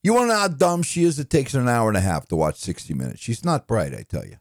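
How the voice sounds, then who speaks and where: A man's voice: medium pitch, big pitch swings, fast talker, no room sound, clean studio sound, pitched above the performer's own voice. A man impersonating a put-upon, nervous middle-aged stand-up comic with a New York accent, firing off self-deprecating one-liners. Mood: exasperated. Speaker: impressionist. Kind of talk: stand-up comedy impression.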